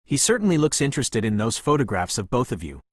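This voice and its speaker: A gracious, elegant woman, as a man reads her speaks warmly and politely, every line welcoming. The voice sits at a middling pitch and sounds dry and close, as in a storybook audiobook. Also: sing-song, fast, husky, no room sound.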